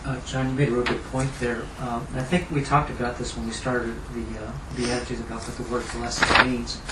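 A man's voice: mid-range voice, level tone, a little fast, heavy background noise. A man in a Bible class, commenting hesitantly with restarts. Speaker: class member.

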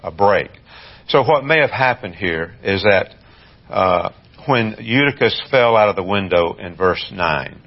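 A man giving a Bible study lesson, talking in a measured, halting way with many fillers and restarts. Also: deep voice, lo-fi sound. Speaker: Bible teacher.

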